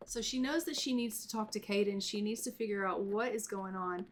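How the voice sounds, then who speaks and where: A woman's voice: mid-range voice, brisk, hardly any pauses, slight background noise. A woman narrating a life-simulation game as an ongoing story, chatty and rambling, often repeating herself. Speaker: gameplay narrator. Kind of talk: life-sim let's play storytelling.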